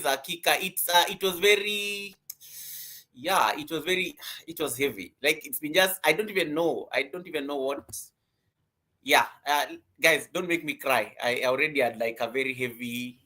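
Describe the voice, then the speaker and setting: A man's voice: a little high, sharp tone. A man hosting a casual live-stream class, chatty and teasing, greeting viewers by name. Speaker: live-stream host and YouTube coach.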